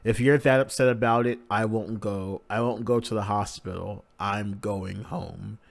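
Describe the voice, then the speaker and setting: A man reading the lines of a calm, decent young male hero from a manga in his own voice. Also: lowish voice, measured pace, gravelly.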